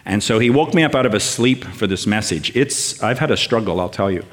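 An older man giving a sermon as guest preacher, talking in a warm, halting way with fillers and restarts that builds into rousing lists. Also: lowish voice, lively intonation.

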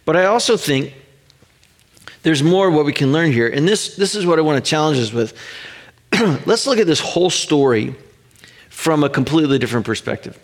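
A middle-aged man pastor preaching a sermon, earnest and emphatic, stretching out pauses to land his points. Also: on the high side, lively intonation.

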